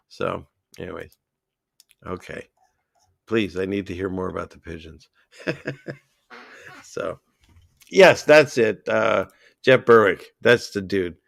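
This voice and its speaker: A man hosting a livestream, chatting casually and excitably as he reads out viewer comments and drifts between topics. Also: medium pitch, vocal fry, no room sound, clean studio sound. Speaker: livestream host.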